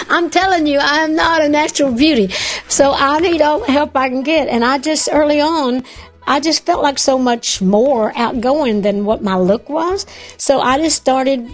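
Older lady chatting folksy and self-mocking, kinda high voice. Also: big pitch swings, a little slow. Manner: folksy, self-deprecating, chuckling. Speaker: interview guest. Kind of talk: candid conversational interview.

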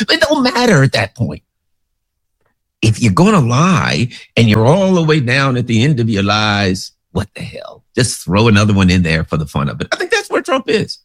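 A man's voice: mid-range voice, huge pitch swings, moderate pace. A man giving casual political commentary, rambling through sarcastic anecdotes.

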